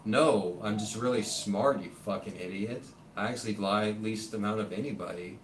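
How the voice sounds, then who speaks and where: A man's voice: on the low side, moderate pace. Rambling, profane man in an echoey room. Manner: rambling, profane, heavy on fillers. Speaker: live-stream host. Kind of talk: casual rambling rant. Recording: echoey room, voice far from mic, faint noise.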